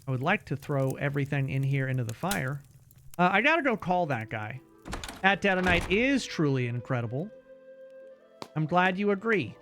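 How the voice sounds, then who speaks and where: Animated, high-pitched male streamer. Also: moderate pace, faint music behind. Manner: animated, swears, laughs often. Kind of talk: casual gameplay commentary.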